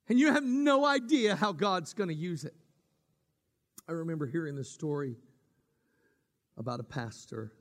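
Dramatic high-voiced preacher in a big hall. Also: male voice. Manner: dramatic preaching, swinging from shouts to whispers. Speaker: pastor. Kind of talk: sermon.

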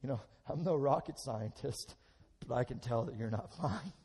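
A middle-aged man preaching a lively sermon, swinging between loud and hushed, acting out bits of dialogue. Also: medium pitch, normal speed, husky.

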